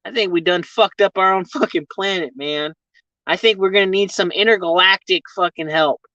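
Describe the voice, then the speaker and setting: A man's voice: sits high, normal speed, sharp tone, no room sound. A man chats loosely with his live viewers from his vehicle, rambling from one thought to the next and swearing freely. He laughs often as he talks. The sound is dull and lo-fi, with a close, dry feel. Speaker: livestreamer chatting with viewers. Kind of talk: casual live chat. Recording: dull lo-fi stream audio.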